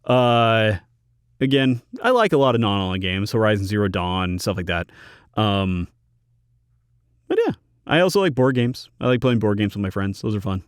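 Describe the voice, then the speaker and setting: A man's voice: on the low side, animated, normal speed, smooth, no room sound. A man hosting his channel's Q&A, reading viewer questions and giving blunt, dry answers from his home recording booth. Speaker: YouTube channel host. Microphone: studio microphone in a recording booth.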